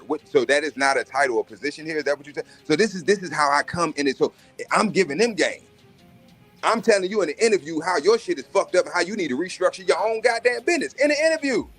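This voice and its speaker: A man's voice: on the high side, lively intonation, fast talker, a bit bright, soft background music. A man hosting a live stream, telling brash, profane stories about job interviews. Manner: brash, swaggering, profane, acts out other voices. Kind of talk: profane casual storytelling rant.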